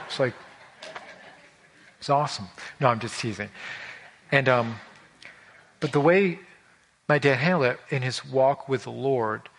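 Folksy, animated male preacher. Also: mid-range voice, unhurried, long pauses, slight background noise. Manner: animated, folksy, frequent repetitions and restarts. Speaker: pastor. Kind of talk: conversational sermon with personal stories.

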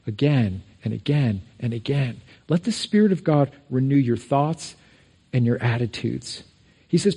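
A man's voice: fairly high pitch, big pitch swings, normal speed, dark tone, slightly rough. A middle-aged man preaching a sermon in a church, talking conversationally, sharing personal stories and repeating words as he goes. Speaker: pastor. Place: church sanctuary.

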